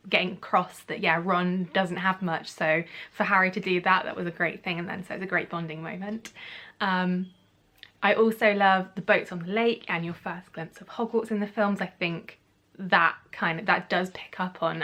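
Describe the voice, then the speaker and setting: A woman's voice: fairly low pitch, a bit bright. A woman in a chatty YouTube vlog, giving an upbeat and rambling review that compares a book and its film. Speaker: YouTuber comparing books and films.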